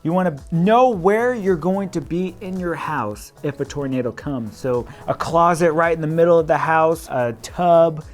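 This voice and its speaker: A man in his thirties with a Midwestern American accent, giving casual advice straight to camera in a playful way that often breaks into laughter. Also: faint music behind. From Midwest, United States. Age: 30s. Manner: playful, laughing, quick swings in pitch and loudness. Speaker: realtor vlogger.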